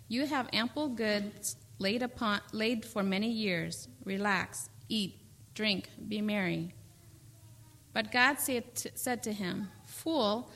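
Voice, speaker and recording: Woman doing the bible reading at church, even and measured. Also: medium pitch. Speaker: scripture reader. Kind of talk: reading scripture aloud.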